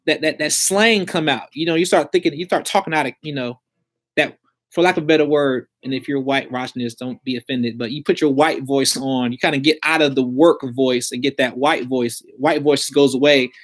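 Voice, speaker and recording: A man giving blunt, slangy advice in a casual vlog about credit repair. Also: mid-range voice.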